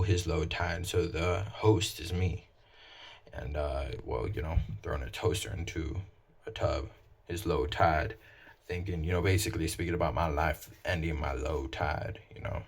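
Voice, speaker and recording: A man casually explaining his own song lyrics in a flat, low-emotion way, with many fillers. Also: normal speed, breathy edge.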